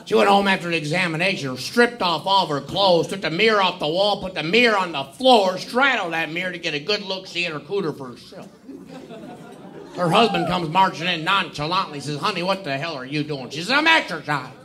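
A man's voice: high-pitched, a little fast, pushed and bright. A man doing stand-up comedy, telling jokes as a drawling storyteller who acts out the people in them. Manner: drawling storyteller acting out quoted characters. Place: comedy club stage with live audience. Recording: audience laughter, faint crowd noise.

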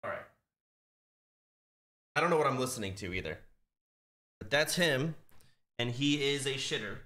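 A man streaming from his desk, talking casually and swearing now and then, slipping into high baby talk with a puppy. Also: expressive, moderate pace, bright, forceful tone. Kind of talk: casual live-stream chat.

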